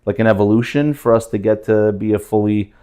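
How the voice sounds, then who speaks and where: A man's voice: fairly low pitch, fairly even intonation, brisk, dark tone. A man, a Russian speaker, chatting as an interview guest, full of fillers and restarts. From New Jersey, USA. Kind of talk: casual interview conversation.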